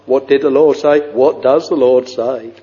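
An older man preaching a sermon with fervent, halting delivery and sing-song rises on scripture. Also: medium pitch, fairly even intonation, dark tone. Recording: dull, echoey old church recording.

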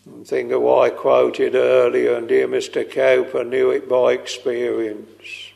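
A man preaching a slow, earnest sermon, tender and pleading as he quotes hymns. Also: mid-range voice, monotone, gravelly, a little mellow. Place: church. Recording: long reverb of a large hall.

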